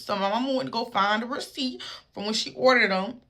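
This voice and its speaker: A young woman tells a casual storytime into her phone. She talks straight to her viewers. Her voice is lively and animated. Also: mid-range voice, a little fast, gravelly.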